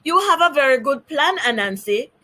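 A woman's voice: high-pitched, expressive, moderate pace, sharp tone, pitched above the performer's own voice. A woman doing an impatient parrot. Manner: impatient, fretful.

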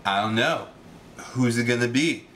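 Young man rushing a cheery sign-off. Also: mid-range voice, a bit bright, a little hiss or hum. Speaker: vlogger.

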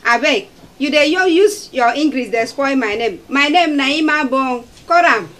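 A high-voiced Nigerian woman acts in a comedy film. She pleads and fusses at a co-worker. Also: lively intonation, normal speed, a bit bright. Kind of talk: Nollywood comedy acting in Pidgin.

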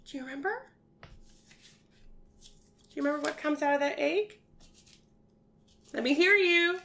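Woman, preschool teacher, high bright voice, sing-song questions to little kids. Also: moderate pace, vocal fry, a little hiss or hum. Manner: animated sing-song teacher talk full of questions to young children. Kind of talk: virtual preschool science lesson.

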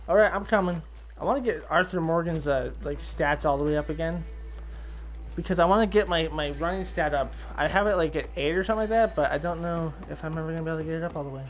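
A young man commentating his own gameplay in an excitable, profane, repetitive manner. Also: fairly high pitch, fast, low-quality recording. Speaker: let's play gamer.

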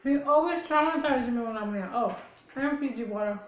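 A woman's voice: high voice, moderate pace. Chatty woman vlogger, echoey room. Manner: chatty storytelling with laughs and chewing sounds. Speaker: mukbang vlogger. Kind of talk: casual chat while eating.

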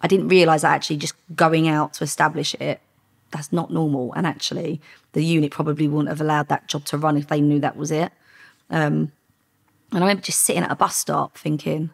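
A woman's voice: low-pitched, level tone, fairly quick, gravelly, slightly rough. A woman, a former undercover officer telling her story in a chatty interview, full of ums and self-corrections.

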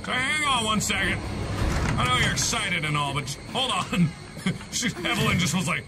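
Lively, high-pitched gameplay commentator. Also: male voice, moderate pace. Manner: playful, joking, exclamatory. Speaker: host. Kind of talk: let's-play commentary. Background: loud game music.

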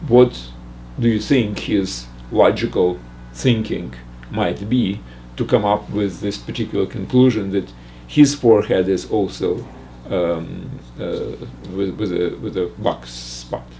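An older man teaching math, working slowly through a logic puzzle aloud with frequent restarts. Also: lowish voice, fairly even intonation, vocal fry, dark tone, slight background noise. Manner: halting, restarts and fillers while reasoning aloud. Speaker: math lecturer.

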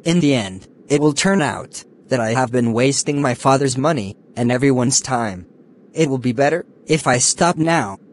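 A man reading a scripted animated story in an even, plain way, voicing all the characters. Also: mid-range voice, normal speed, a little hiss or hum. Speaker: narrator.

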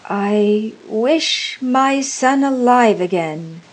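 A woman voicing a frightened old man who speaks in a shaky, faltering, hushed way. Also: lowish voice, a little slow, husky, low-quality recording. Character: frightened trembling old man, timid husband.

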